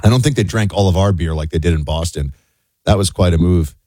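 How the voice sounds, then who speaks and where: A middle-aged man from the United States hosting a show, talking in a loose, animated way full of fillers and restarts. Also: low voice, a little fast, no room sound. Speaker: show host. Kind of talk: casual commentary monologue.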